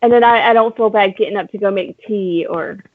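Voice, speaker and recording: A co-host on a casual talk show, bubbly and quick to laugh. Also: mid-range voice, no echo, phone-quality sound. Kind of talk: casual chat.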